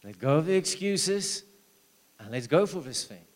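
A man preaching a sermon, telling stories, with loud urging that drops to low, hushed asides. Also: sing-song, moderate pace. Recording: long hall reverb.

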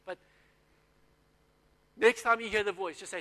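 A man's voice: high-pitched, fairly even intonation, a little slow, fairly bright tone. A man preaching a sermon, telling stories and acting out the dialogue. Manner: storytelling with acted-out dialogue. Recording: long hall reverb.

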